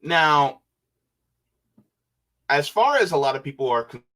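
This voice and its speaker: A man hosting a casual livestream, reading viewer comments aloud and musing on them in a laid-back way with quiet hums. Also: fairly high pitch, very animated, measured pace.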